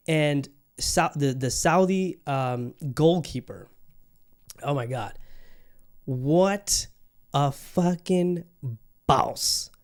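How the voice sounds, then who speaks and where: A man's voice: a little high, drawn-out words, long pauses. A man hosting a podcast in casual chat, rambling and swearing freely, full of fillers and restarts. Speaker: podcast host.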